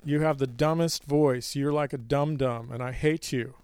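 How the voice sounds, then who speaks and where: A man's voice: mid-range voice, fairly even intonation, moderate pace, a little mellow, smooth, dry recording, clean studio sound, close to an everyday voice. A man voicing a rude nine-year-old boy who insults the host. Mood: bratty. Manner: bratty and insulting.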